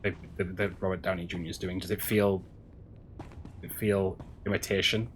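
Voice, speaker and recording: A man streaming a game, chatting casually with his audience in a halting way, with frequent restarts. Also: low-pitched, flat delivery, a little hiss or hum. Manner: halting, chatty, many restarts, answering chat. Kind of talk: casual stream chat while gaming.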